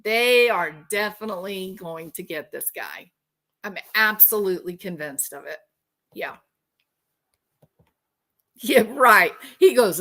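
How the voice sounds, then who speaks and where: Woman livestream host, casual and chatty, slow unhurried delivery, mid-range voice. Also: mid-range voice. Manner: chatty, animated, mocking impressions, laughs often. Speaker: true crime livestream host.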